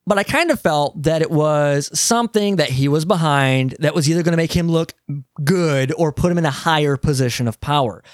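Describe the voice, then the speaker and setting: A man hosting a casual movie discussion podcast, animated and steering the talk back on track, swearing now and then. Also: on the high side, a little fast, no echo, studio quality. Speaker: podcast host.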